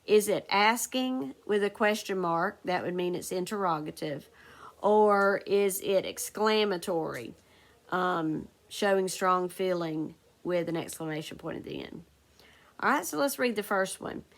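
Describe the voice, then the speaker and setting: A woman teacher leading a recorded phonics lesson, dictating sentences slowly and spelling words out letter by letter. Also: fairly low pitch, lively intonation. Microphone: recorded for a video lesson.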